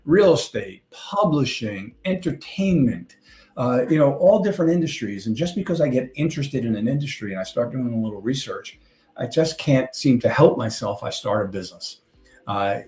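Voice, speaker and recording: A man's voice: medium pitch, darkish tone. Joking New York man presenting in a roomy hall. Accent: New York (Long Island). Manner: jokey, conversational presenter with asides. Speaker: conference speaker. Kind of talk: presentation talk. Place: conference hall stage.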